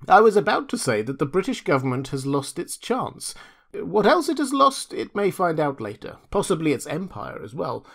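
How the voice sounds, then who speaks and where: A man's voice: fairly high pitch, sing-song, moderate pace, creaky, fairly bright tone, voice pushed up, heavily acted. A man putting on a velvety, sly inventor with a faint foreign lilt. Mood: smug. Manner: obsequious, smug and sly. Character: cunning, oily middle-aged male inventor selling secrets. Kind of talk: audiobook character reading.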